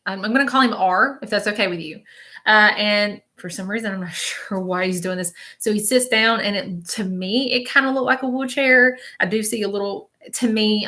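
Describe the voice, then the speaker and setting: A woman's voice: medium pitch, bright, forceful tone. A woman hosting a live stream as a spiritual medium, chatty and reassuring, repeating messages and checking in with the viewers. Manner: chatty, repeats phrases, relays messages as quotes; reassuring, keeps checking in with "okay?". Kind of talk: live stream psychic reading.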